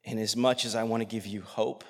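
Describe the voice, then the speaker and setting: A man preaching a sermon with passion, swinging between loud outrage and hushed, near-whispered tenderness. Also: lowish voice, fairly even intonation, brisk. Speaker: pastor. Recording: long hall reverb.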